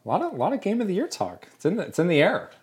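A woman's voice: fairly low pitch, huge pitch swings, rapid-fire, darkish tone. A woman co-hosting a casual podcast, reading listener questions aloud and bantering playfully. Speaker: podcast co-host. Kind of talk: casual chat.

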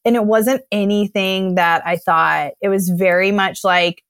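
A woman's voice: medium pitch, steady tone, measured pace, fairly bright tone, smooth, no echo, studio quality. A young adult woman telling her own story on a podcast, emotional and full of "like", acting out her past thoughts.

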